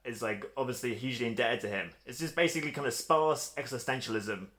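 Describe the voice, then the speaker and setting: Guy co-hosting a podcast, wry and opinionated, mid-pitched, relaxed chat. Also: fast. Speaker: podcast co-host. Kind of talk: casual chat.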